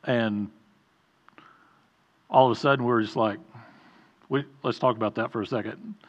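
A man's voice: medium pitch, fairly even intonation, normal speed, highs cut off. A middle-aged man preaching an informal sermon in a conversational way, often stopping, restarting and adding asides.

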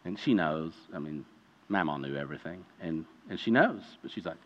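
A man's voice: rumbling low, expressive, brisk, a bit bright. A man preaching a sermon as a pastor, telling a personal story and building to impassioned preaching. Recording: reverberant hall, dull lo-fi sound.

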